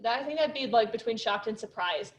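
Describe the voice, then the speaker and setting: A woman's voice: fairly high pitch, lively intonation, fairly quick. Chatty young woman presenting in class. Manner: chatty, lots of fillers and likes. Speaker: student presenter.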